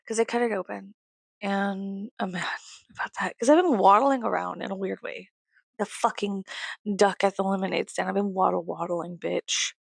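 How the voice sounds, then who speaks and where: Young texas woman rambling on her vlog, cusses a lot, kinda gravelly, dry close sound. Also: mid-range voice, steady tone, moderate pace, no echo. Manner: rambling, swearing, laughing often. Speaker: YouTuber. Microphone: close mic.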